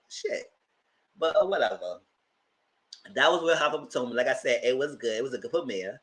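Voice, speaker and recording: A man hosting a live TV review, chatting casually in a blunt, slangy, animated way. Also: mid-range voice, a little fast, long pauses, rough recording. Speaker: host of a TV review channel.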